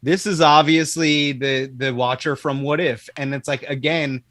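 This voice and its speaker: A man's voice: on the high side, fairly even intonation, unhurried, fairly bright tone, dry recording, clean studio sound. A man hosting a casual chat, talking loosely and filling his sentences with "like". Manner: chatty, fills with "like".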